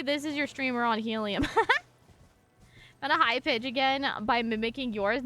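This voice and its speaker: A woman's voice: a little high, sharp tone, a little hiss or hum. A young woman from Washington and Montana, streaming a game and chatting casually, rambling with lots of fillers. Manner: rambling, full of fillers and restarts. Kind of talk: casual gameplay chat.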